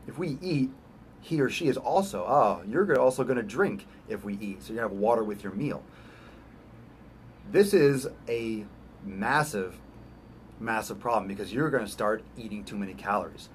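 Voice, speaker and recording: A man's voice: fairly low pitch, expressive, slight background noise. Emphatic man giving fitness advice. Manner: emphatic, repeats phrases, acts out quick voices. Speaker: fitness coach. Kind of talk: casual fitness advice talk.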